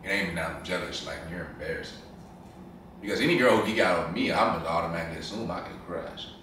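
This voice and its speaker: A man's voice: low voice, fast, sharp tone. A young man hosting a casual, explicit chat, slangy and stammering on repeated words. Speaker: host. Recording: echoey room, from far off, with clear noise.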